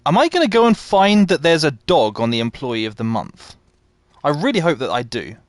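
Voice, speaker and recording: A man's voice: a little high, very animated, moderate pace, dry recording. A man live-streaming a game, chatting casually and answering viewers as he plays. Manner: chatty, reads out and answers viewers while playing. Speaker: livestreamer playing a game.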